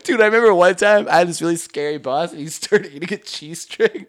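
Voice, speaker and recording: A man with a high-pitched voice talks a little fast while co-hosting a podcast. In casual chat he tells stories with animation, laughing and swearing often.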